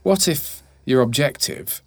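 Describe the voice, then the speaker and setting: A man in his forties, chatting casually as a podcast host and telling animated stories, sometimes dropping to a hushed whisper for effect. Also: medium pitch, a little slow, vocal fry, no room sound. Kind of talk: casual chat.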